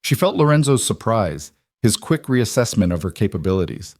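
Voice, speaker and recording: A man narrating a scripted romance audiobook in a smooth, even storytelling manner. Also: fairly low pitch, normal speed, dry recording, clean studio sound.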